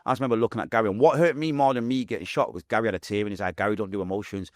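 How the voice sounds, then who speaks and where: A young man with a broad Mancunian accent tells his story at a rapid clip, acting out voices as he goes. His voice sits fairly low. The sound is close and dry, with no room echo. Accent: Mancunian English. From Manchester, England. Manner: fast, vivid storytelling with acted-out quotes. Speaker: guest. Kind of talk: podcast interview storytelling.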